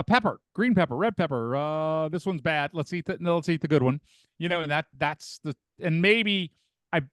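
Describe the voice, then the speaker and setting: A man's voice: fairly high pitch, clear, resonant tone, dry recording. Rambling older man telling stories. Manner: rambling storyteller who acts out quoted voices. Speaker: podcast guest, the father. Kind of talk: casual family chat.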